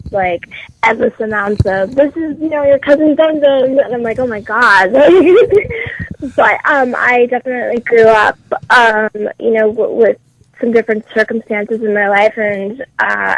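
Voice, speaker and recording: Gravelly-voiced woman guest, halting. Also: mid-range voice, dry recording, poor audio. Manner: soft-spoken, many ums and uhs. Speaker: guest musician. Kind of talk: radio interview.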